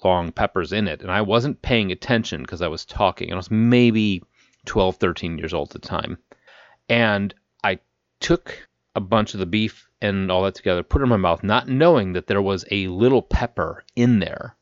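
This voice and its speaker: A man from the Chicago area telling stories on a podcast, animated and laughing as he acts out quotes. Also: low-pitched, moderate pace, no room sound, muffled recording. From Chicago area, Illinois. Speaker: podcast co-host. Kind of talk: casual chat.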